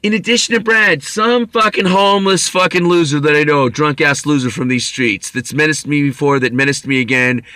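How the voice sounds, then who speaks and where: Man, wry profane storyteller, bright tone, dry room. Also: fairly high pitch, fairly quick, few pauses, no room sound. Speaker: vlogger. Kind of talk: rambling monologue.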